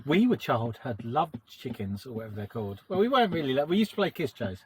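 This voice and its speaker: A man's voice: mid-range voice, very animated, quick pace, darkish tone, slightly rough. A middle-aged man bantering cheekily in a casual vlog. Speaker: vlogger. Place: outdoors by a narrowboat.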